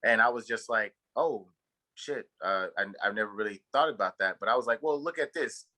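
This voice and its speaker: A man's voice: lowish voice, fairly quick, pushed and bright, low-quality recording. A man from Texas co-hosting a podcast, telling a long story in a rambling way, full of fillers and swearing. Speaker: podcast co-host. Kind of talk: casual chat.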